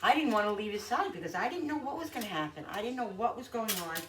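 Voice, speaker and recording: A woman's voice: fairly high pitch, sing-song, fast talker, a bit bright, slight background noise. A middle-aged woman vlogger telling a long personal story in a casual, rambling way, full of restarts and asides. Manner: rambling, emotional, many restarts and "you know"s. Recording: echoey kitchen from far off, clattering dishes.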